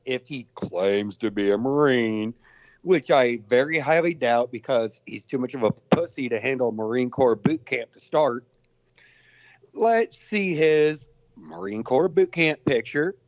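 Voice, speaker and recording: A man's voice: medium pitch, no echo. A man calling in to a livestream show, combative and boastful. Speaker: caller. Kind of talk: call-in on a livestream. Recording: dull dry line.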